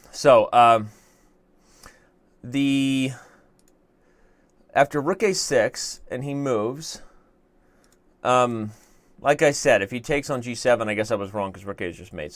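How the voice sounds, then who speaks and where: A man's voice: fairly low pitch, no room sound. Chatty man thinking aloud on stream. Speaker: chess show host. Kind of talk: casual live-stream commentary.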